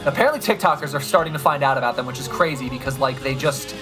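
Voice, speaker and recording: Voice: mid-range voice, quick pace, music in the background. A young streamer ranting casually to chat about albums, enthusiastic and rambling, swearing often.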